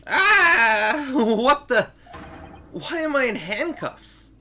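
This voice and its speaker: A man's voice: mid-range voice, big pitch swings, takes it slowly, a bit bright, a little hiss or hum, full character voice. A man voicing a bewildered young hero. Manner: confused, hesitant, breathless. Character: bewildered young male protagonist.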